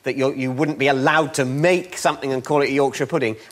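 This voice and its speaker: A man's voice: medium pitch, steady tone, fast. A man speaking as a comedy panel show guest, making wry jokes and pedantic corrections. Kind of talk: comic banter.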